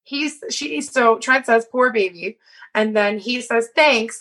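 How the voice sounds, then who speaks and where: This slow-paced, slightly high and somewhat bright voice belongs to a woman in her thirties co-hosting a relaxed conversation. Laughing a lot, she recounts a story about messages, reading them out with plenty of fillers. The audio is poor.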